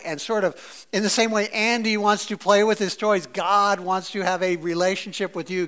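High-voiced, chatty male preacher. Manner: conversational and animated, with many fillers; playfully acts out quoted voices. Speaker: pastor. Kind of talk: sermon.

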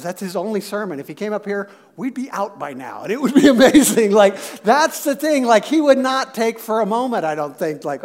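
A man's voice: high-pitched, very animated, normal speed. A male pastor preaching a sermon in a casual, jokey way, full of filler words and asides.

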